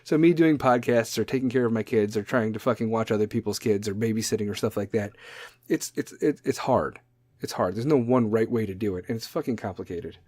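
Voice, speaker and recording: A thirtysomething man hosts a podcast, launching into a blunt, sarcastic comedic rant peppered with constant swearing. His voice sits on the low side with a darkish tone, and he talks fairly quickly. The recording is dry.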